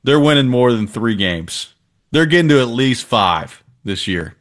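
A man's voice: medium pitch, expressive, unhurried, a bit bright. Opinionated male sports show co-host. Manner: emphatic, opinionated, many "like" fillers. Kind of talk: casual sports talk.

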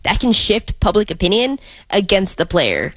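A woman co-hosting a sports talk radio show, laying out her argument in a measured, step-by-step way. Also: mid-range voice, big pitch swings, dry recording. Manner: measured, methodical, building her points step by step. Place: radio studio.

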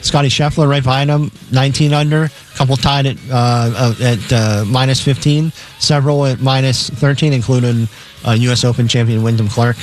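A man's voice: mid-range voice, steady tone, brisk. A man co-hosting sports radio, plainly reading out game matchups and odds. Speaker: sports radio co-host reading betting lines.

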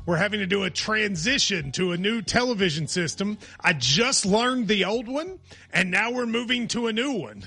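A man's voice: sits high, expressive, normal speed, sharp tone, slightly rough. A man from Kentucky hosting a casual sports talk show, joking and laughing often. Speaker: sports radio host.

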